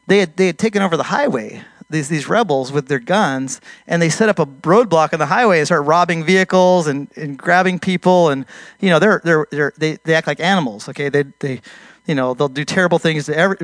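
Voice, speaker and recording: High-pitched guy telling a missionary story, animated, lots of restarts, dry close sound. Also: no echo. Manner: animated, restarts often, voice rising at tense moments. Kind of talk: storytelling testimony.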